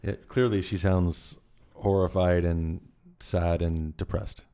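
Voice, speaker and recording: A man co-hosting a podcast in casual chat, easygoing and quick to laugh. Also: low voice, fairly even intonation, dark tone, clear, resonant tone. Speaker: podcast co-host.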